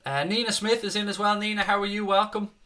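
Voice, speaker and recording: Young Dublin man, brightish raised voice, casual foul-mouthed live-stream host. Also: sits high, steady tone, quick pace. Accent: Dublin Irish. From Ireland (Dublin). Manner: chatty, swears freely, jokey asides to viewers. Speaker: fan channel co-host running a live match watchalong. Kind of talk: casual live-stream chat reading viewer comments. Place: home room, at his desk. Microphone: desk setup with webcam.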